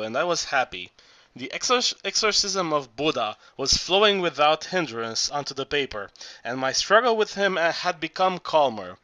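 A man narrates an audiobook with a bright, fairly high voice that rises and falls a lot. He often trips and restarts words as he reads. The sound is dry and close. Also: no room sound. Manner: stumbling, frequent restarts. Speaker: audiobook reader.

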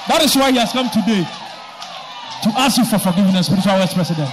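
A man's voice: high-pitched, lively intonation, music in the background, crowd noise. Emphatic man announcing in church. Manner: slow, emphatic, building to loud declarations. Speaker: church announcer presenting a congregant. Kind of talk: public church testimony narration.

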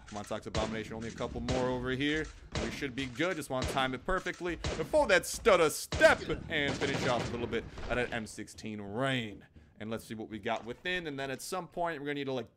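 A man's voice: medium pitch, a bit bright. A young man casually commenting on his own gameplay, goofy and chatty, joking and talking to the enemies as he plays. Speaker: gaming YouTuber.

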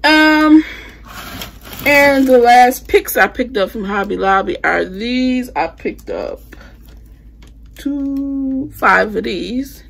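Taking it slowly, a home decor vlogger with a slightly high, animated voice and some vocal fry shows her viewers the holiday decor she bought. She keeps it chatty, addressing "you guys" and using phrasing like "y'all" and "I'ma."

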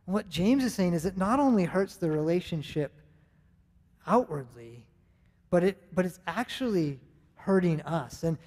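A man in his thirties, an American pastor, preaches in a church sanctuary where long reverb trails his words. His voice sits high but has a darkish tone, with lively intonation at a moderate pace. He's earnest and conversational, often restarting his sentences.

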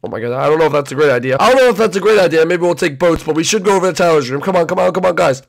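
A man voicing an excitable young koopa prince who hosts a toy role-play, rambling and exclaiming. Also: fairly high pitch, racing, vocal fry. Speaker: host.

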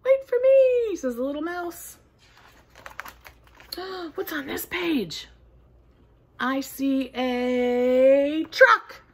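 Woman, young adult, toddler storytime reader, slow drawn-out speech, animated gasping delivery. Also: high-pitched, slight background noise. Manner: animated, gasping, drawn-out sing-song calls for children to join in. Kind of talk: reading a picture book aloud to toddlers.

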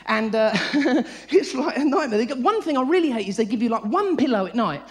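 A man with a British accent doing a live stand-up routine on a theatre stage, manic and breathless, laughing as he goes and jumping into high squeaky voices. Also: sing-song, brisk. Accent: British English. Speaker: stand-up comedian. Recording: live show recording, audience noise.

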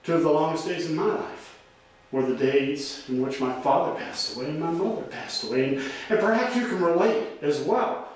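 Man preaching easter sermon, high voice, mic kinda far off, lots of church echo. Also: moderate pace. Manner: earnest preaching with frequent word repeats. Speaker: pastor. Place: church sanctuary. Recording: roomy echo, voice from a distance.

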